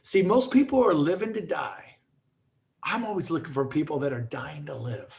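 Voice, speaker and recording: A middle-aged man gives an energetic motivational talk, piling up restarts as he tells his stories. His voice sits a little high for a man and has a gravelly edge. He speaks as a guest on a show. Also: moderate pace. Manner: energetic storytelling with repeated restarts.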